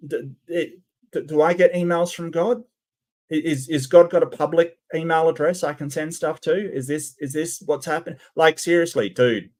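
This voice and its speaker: A man's voice: a little high, steady tone, moderate pace. A man doing sarcastic, incredulous commentary as host of his channel. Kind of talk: mocking commentary on clips.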